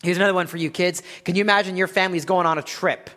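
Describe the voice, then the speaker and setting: A man's voice: high voice, steady tone, very fast, bright, forceful tone, long reverb tail. A man preaching a sermon as a pastor, teaching earnestly with rhetorical questions and frequent restarts.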